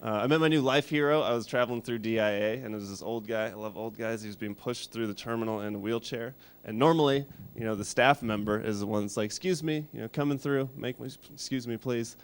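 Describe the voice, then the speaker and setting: A man in his thirties doing a stand-up set in a studio, with dry, deadpan delivery and frequent restarts. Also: lowish voice, quick pace, hardly any pauses, clear, resonant tone. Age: 30s. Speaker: stand-up comedian. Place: music studio.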